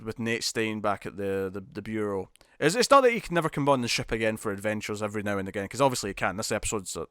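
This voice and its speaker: Male co-host, casual TV chat, excitable retelling, mid pitch, dry close sound. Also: clear, resonant tone, dry recording. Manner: animated, laughing, quick retelling with acted quotes. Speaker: podcast co-host. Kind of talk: casual chat about TV episodes.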